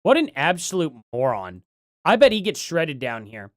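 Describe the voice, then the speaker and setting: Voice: mid-range voice, huge pitch swings, moderate pace, dry recording, clean studio sound. A streamer giving live commentary on a debate, rambling and jokey, then getting heated in rants.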